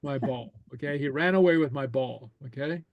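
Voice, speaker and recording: A man leads a relaxed language class, talking slowly and haltingly, saying "okay" a lot and chuckling softly as he sounds out new words for students to repeat. His voice is mid-range, and the dry recording has its highs cut off.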